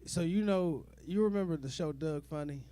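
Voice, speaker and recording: A man's voice: on the high side, normal speed. Rambling young man doing stand-up. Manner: rambling, animated, profane, lots of filler. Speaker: stand-up comedian. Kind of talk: stand-up comedy set.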